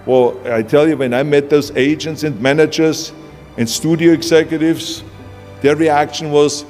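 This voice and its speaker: A man's voice: a little high, fairly even intonation, normal speed, darkish tone. A man with an Austrian accent giving a blunt, punchy motivational speech. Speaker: motivational speaker. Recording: long hall reverb with music beneath. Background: background music.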